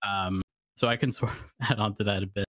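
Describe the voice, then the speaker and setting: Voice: low voice, steady tone, fast, a bit bright, dry recording, studio quality. A podcast guest from Massachusetts chatting casually, laughing often and talking themself down. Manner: giggly, self-deprecating. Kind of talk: casual chat.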